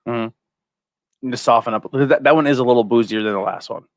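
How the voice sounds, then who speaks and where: A man's voice: medium pitch, normal speed, no echo. A man hosting a beer-tasting podcast in loose, profane banter with friends. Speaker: podcast host. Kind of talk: casual chat.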